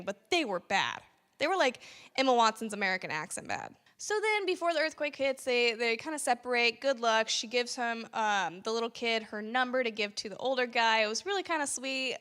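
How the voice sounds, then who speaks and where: A young woman talks through a movie review in a loose, chatty way, laughing often and restarting her sentences. Her voice is bright and sits a little high. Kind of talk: casual spoiler review.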